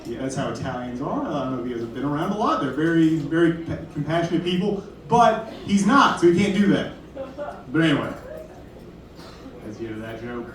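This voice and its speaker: A man's voice: a little high, animated, fairly quick. A young man from Kentucky doing a stand-up comedy set, rambling and self-deprecating with apologetic asides. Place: comedy club stage. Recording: very echoey room from far off.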